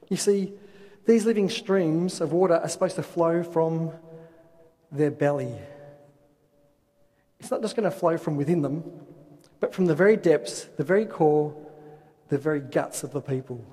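A man's voice: a little high, warm tone, slightly rough. A man preaching a sermon, asking rhetorical questions and reading scripture aloud. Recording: long hall reverb.

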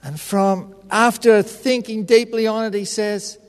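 A man's voice: high voice, steady tone, measured pace, clear, resonant tone. A man preaching a sermon in an earnest, personal storytelling manner. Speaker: pastor. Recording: echoey hall reverb.

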